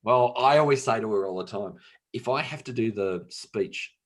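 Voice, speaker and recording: This middle-aged Australian podcast host speaks at a normal pace in a lowish voice. He chats casually, spinning tall, jokey tales and dropping the occasional swear word as a joking storyteller.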